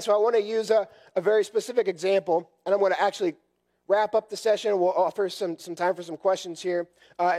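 A hoarse man leading a church training session, talking to a group in a conversational, repetitive way and checking in often with "right?". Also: high voice, darkish tone. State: hoarse from a cough. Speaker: session leader at church workshop.

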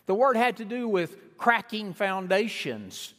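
A man preaching a sermon, emphatic, slowing down to stress key words and rising on repeated phrases. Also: big pitch swings, a bit bright. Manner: emphatic preaching with sweeping pitch and slowed stresses. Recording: long hall reverb.

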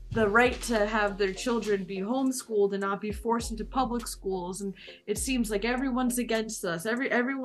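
Rambling, giggly woman podcast host. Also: a little high. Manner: rambling, giggly, swears often. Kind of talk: casual podcast chat, film summary.

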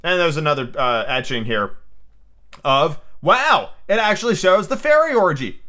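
A man's voice: on the high side, sing-song, moderate pace, bright, forceful tone. Irreverent man reading aloud. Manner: irreverent, profane asides. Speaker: podcast host reading a book aloud. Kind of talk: casual podcast reading and commentary.

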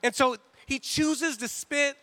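A man with a high, bright voice preaches in a relaxed, chatty way, slipping into little acted-out voices for the people in his story. The sound is dry and close. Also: slow pace, no echo. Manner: conversational and animated, acting out quotes. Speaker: pastor. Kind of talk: casual sermon.

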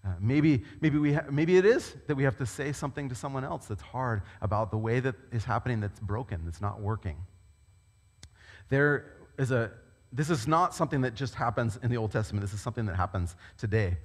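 A man preaching a sermon as a pastor, talking in a conversational, animated storytelling way. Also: mid-range voice, fairly quick. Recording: long reverb of a large hall.

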